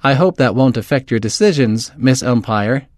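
A man reading as a teasing softball girl. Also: medium pitch, lively intonation, moderate pace, dry recording, studio quality, close to an everyday voice. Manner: playful, teasing. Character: teasing, good-humored girl softball player.

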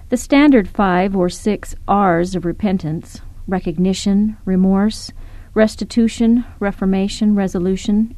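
A woman reads a devotional church talk in an earnest, measured voice. Her tone is mellow and dark, and it is recorded dry and close with no room around it. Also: mid-range voice, dry recording. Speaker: speaker recounting a church story. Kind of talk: devotional talk read aloud.

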